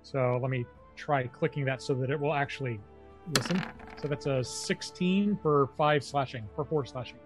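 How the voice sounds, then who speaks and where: A man's voice: mid-range voice, moderate pace, music in the background. A man playing a tabletop game, describing his character's spells and attacks in a playful, joking way. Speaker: player. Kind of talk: casual tabletop play.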